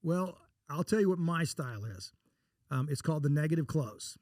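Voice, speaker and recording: An investor from Texas guests on an interview, telling blunt, folksy stories and acting out their dialogue. His fairly high, darkish voice is animated and moves at a normal speed. The recording is dry and of studio quality.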